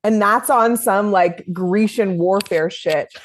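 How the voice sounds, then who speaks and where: A woman's voice: medium pitch, slow. A woman co-hosting a sports podcast, chatting casually and emphatically, laughing and swearing now and then. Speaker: podcast co-host. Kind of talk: casual chat.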